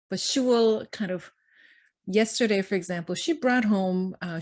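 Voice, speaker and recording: A middle-aged woman presenting to an audience in a conversational way, telling family anecdotes and acting out quoted lines with frequent laughter. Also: medium pitch. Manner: animated storyteller, acts out quoted lines, laughs often. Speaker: conference speaker.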